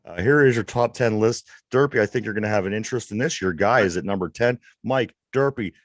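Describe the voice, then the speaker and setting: A man's voice: on the low side, brisk, dry recording, clean studio sound. A man with a Pittsburgh accent co-hosting a sports podcast, bringing up topics and reading out stats with hesitant restarts. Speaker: podcast co-host. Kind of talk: casual sports banter.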